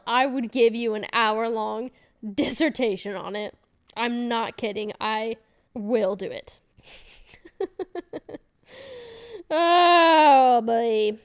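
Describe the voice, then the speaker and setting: Woman podcast host, casual rambling monologue, frequent laughs, swearing, smooth clear voice, fairly high pitch.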